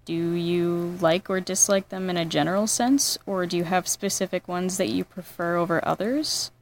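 A woman's voice: on the low side, normal speed, a little hiss or hum. A woman politely asking a podcast question, apologetic and curious. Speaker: listener sending in a question.

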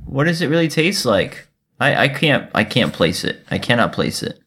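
A young man in his twenties co-hosts a podcast in easy, joking conversation. His pitch sits mid-range but swings widely, and he laughs often. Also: sing-song, moderate pace, a bit bright, breathy edge. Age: 20s. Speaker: podcast co-host. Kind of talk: casual chat.

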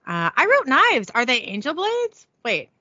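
A woman's voice: high-pitched, wildly swooping pitch, measured pace, pushed and bright, no echo, highs cut off. A woman co-hosting a casual podcast, chatting with a giggly manner as she recaps a TV episode and reads out lines of dialogue. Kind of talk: casual chat. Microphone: headphones with a home mic.

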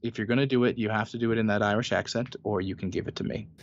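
A man's voice: lowish voice, steady tone, very fast, no room sound. Dry-witted man on a dull, dry mic. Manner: dry teasing humor. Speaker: podcast co-host.

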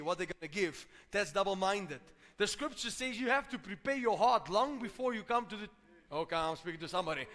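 A pastor with a high, sharp voice preaches a sermon in a reverberant church hall. He is emphatic and repetitive, calling out to the congregation.

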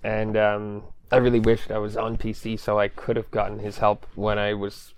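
Chill dude with a lowish voice talking games, lots of ums. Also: male voice, monotone, moderate pace, clear, resonant tone, poor audio. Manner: laid-back, says dude and um a lot. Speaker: podcast co-host. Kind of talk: casual gaming chat.

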